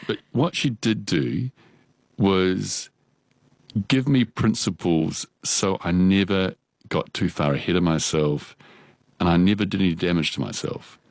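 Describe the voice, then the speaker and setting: A very low-voiced man with a New Zealand accent, spinning anecdotes with easy laughter. He talks in a chatty, animated way, slipping into quick impressions of people. The sound is close and dry, with no room around it. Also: dry recording. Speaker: guest, opera singer. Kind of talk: relaxed storytelling.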